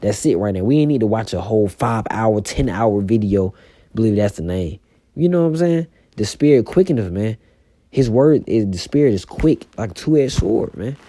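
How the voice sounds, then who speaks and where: A man's voice: on the low side, expressive, moderate pace, mellow, no echo. A man preaching casually and reading scripture aloud, with loose talk full of "you know" and "man".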